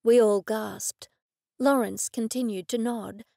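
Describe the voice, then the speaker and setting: A woman narrating a cozy mystery audiobook in first person, with measured, dry storytelling. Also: fairly high pitch, steady tone, vocal fry, mellow, no echo.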